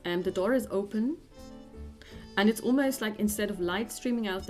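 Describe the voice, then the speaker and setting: A woman narrates as the game master of a tabletop game, describing each scene in an unhurried, halting way. Her voice sits at a middling pitch, and soft music plays underneath. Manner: descriptive, with frequent fillers and restarts.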